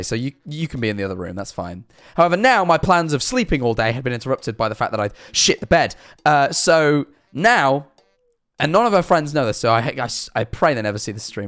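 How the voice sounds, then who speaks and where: A man's voice: mid-range voice, a bit bright, dry recording. A young man streaming, telling an embarrassing story in a rambling, self-deprecating way, his throat sore. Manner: rambling, self-deprecating, frequent restarts and "all right?". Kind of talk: casual storytelling to chat.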